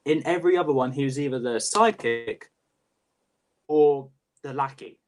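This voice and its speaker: A young man chatting casually as a co-host ranking books, halting and full of fillers. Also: medium pitch. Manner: quick, halting, many fillers. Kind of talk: casual livestream chat.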